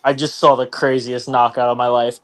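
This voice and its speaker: A man's voice: medium pitch, little pitch movement, fairly quick. A man co-hosting a casual sports stream, with dry, wry humor. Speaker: co-host.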